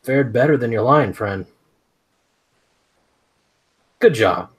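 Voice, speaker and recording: A man's voice: medium pitch, lively intonation, moderate pace, breathy edge. A man voicing a smug, cruel male ronin swordsman who talks down to a beaten foe in a tabletop game. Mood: mocking. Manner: mocking, coolly condescending.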